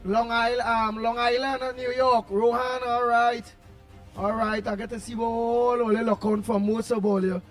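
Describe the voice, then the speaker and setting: A man with a Trinidadian accent hosting a call-in talk show, reading out listener comments in an animated way and bursting into shouts. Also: very high-pitched, normal speed, faint music behind. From Trinidad and Tobago. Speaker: radio talk show host.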